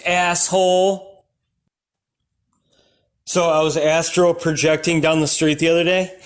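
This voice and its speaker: A man doing rambling, absurd stand-up comedy in a deadpan way, breaking into sudden shouted outbursts. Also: on the high side.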